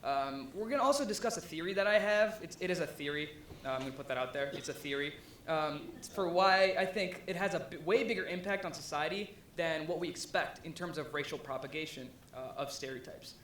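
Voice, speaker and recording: A young man with a fairly high voice gives a relaxed live talk, and he fills it with ums and likes. The room carries a noticeable echo, with a faint rumble underneath. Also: a little fast. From USA (Ohio). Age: young adult. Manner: conversational, with frequent ums and likes and rising asides. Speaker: presenter. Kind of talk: casual live presentation talk. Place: event venue before an audience.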